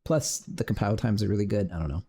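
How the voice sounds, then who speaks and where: Gravelly low-voiced man muttering while coding. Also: quick pace, mellow. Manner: mutters while coding, swears when frustrated. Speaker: game developer streaming his work. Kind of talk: casual live-coding commentary.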